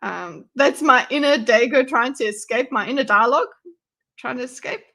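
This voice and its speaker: A woman's voice: on the high side, moderate pace, vocal fry, pushed and bright. A woman hosting a casual livestream chat, laughing often and swearing freely. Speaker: streamer host.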